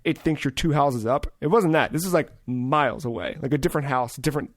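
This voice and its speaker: A man hosting a podcast, telling a long story in rambling, profane, animated casual talk. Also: a little high, fast, no room sound, studio quality. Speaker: podcast host. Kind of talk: casual chat, anecdote.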